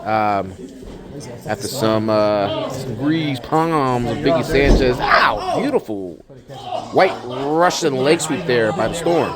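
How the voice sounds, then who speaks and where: A man's voice: mid-range voice, lively intonation, slow pace. A man doing joking play-by-play commentary for a wrestling match, his voice jumping up sharply at the big moves. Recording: loud crowd and music behind.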